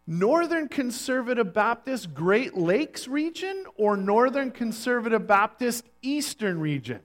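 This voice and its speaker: A man voicing an eager, nosy man on a bridge whose excited questioning turns to a shrieking rage, in a high, shouting voice. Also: unhurried, heavily acted.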